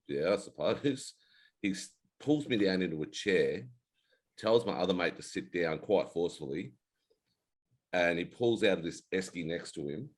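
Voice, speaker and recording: An Australian man in his forties with a very low voice chats casually as a co-host. He rambles through stories in a laid-back way and swears freely. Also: a little mellow. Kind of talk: casual chat.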